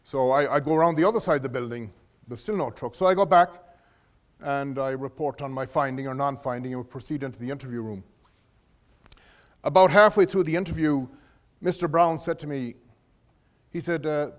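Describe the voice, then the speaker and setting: A man's voice: fairly high pitch, fairly quick, pauses often. A middle-aged man giving a leadership lecture to students, telling career stories in a conversational way and often restarting his phrases. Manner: anecdotal, restarts phrases, addresses audience directly. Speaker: guest lecturer. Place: lecture hall.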